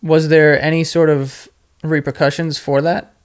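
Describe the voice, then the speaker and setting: A man hosting a podcast, asking careful, gentle questions. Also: a little high, little pitch movement, measured pace, clean tone. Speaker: podcast host. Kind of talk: interview questions.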